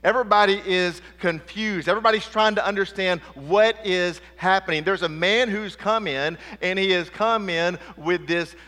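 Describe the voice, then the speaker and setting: High-voiced preacher guy, emphatic sermon, lots of church hall echo. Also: moderate pace, few pauses. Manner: emphatic, calls for "amen", drops low and quiet for weight. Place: church sanctuary. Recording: long church hall reverb.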